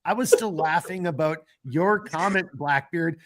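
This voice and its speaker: A man's voice: fairly high pitch, unhurried, a bit bright, slight background noise. Rambling, swearing podcast host, man. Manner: rambling, swearing, restarts often. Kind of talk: casual late-night chat.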